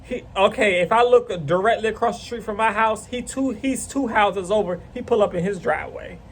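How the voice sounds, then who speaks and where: A man's voice: high voice, a little fast. A man casually telling a rambling, profane story to camera. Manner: rambling, profane, animated retelling.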